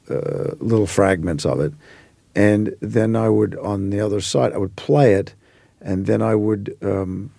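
A man in his forties from Australia who now speaks with an American accent, telling rambling stories as an actor guest in a relaxed interview. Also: on the low side, creaky, no room sound. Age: 40s. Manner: rambling anecdotal storyteller.

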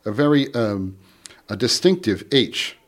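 A man talking as a guest on a call-in radio show, speaking thoughtfully with frequent pauses and fillers. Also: mid-range voice, animated. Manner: hesitant, thoughtful, with many fillers. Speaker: radio guest, language author.

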